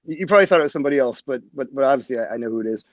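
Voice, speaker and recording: A man's voice: medium pitch, expressive, rapid-fire, no room sound. Chatty man on a muffled line. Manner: chatty, rambling, fillers and restarts. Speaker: group audio chat participant. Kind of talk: casual chat.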